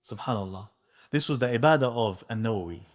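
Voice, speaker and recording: A man giving a religious history lecture as a guest speaker in a mosque hall, telling the story with emphasis, swinging between quiet and raised delivery. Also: mid-range voice, expressive, fast.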